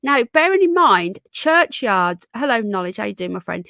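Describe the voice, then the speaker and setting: A woman hosting a live stream, casually greeting viewers by name and calling them darling and sweetheart, her voice going hoarse. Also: medium pitch, expressive, normal speed, hardly any pauses, sharp tone, dry recording.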